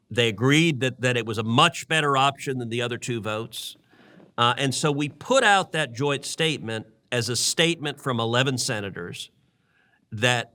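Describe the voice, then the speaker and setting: A man's voice: mid-range voice, pushed and bright. A man co-hosting a political podcast, telling a long story in an earnest way and often repeating words as he builds his point. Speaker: podcast co-host, senator. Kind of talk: casual political talk.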